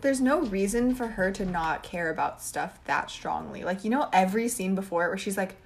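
A young woman in a casual podcast chat, loose and animated. She curses freely and throws herself into over-the-top impressions of the characters. Her voice sits at an ordinary middle pitch for a woman. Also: brisk, vocal fry. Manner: animated, swears freely, dramatic quote impressions. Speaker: podcast co-host.

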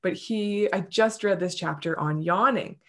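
A woman co-hosting a casual chat about breathwork, telling stories in a gushing, animated way. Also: medium pitch, unhurried.

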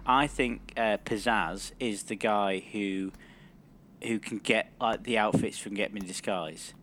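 A man with a British accent in a casual comedic chat, playful and halting, filling his speech with "kind of" and "like". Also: fairly low pitch, fairly even intonation, fairly bright tone, a little hiss or hum.

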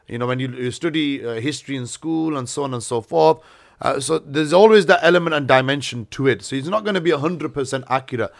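A man's voice: medium pitch, fast, vocal fry. A man hosting a casual religious discussion, explaining at length and mixing Urdu words into his English. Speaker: imam and host.

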